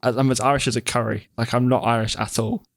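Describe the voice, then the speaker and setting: A man's voice: mid-range voice, little pitch movement, quick pace, vocal fry, no room sound, studio quality. A man co-hosting a podcast in casual chat, teasing and rambling. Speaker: podcast co-host.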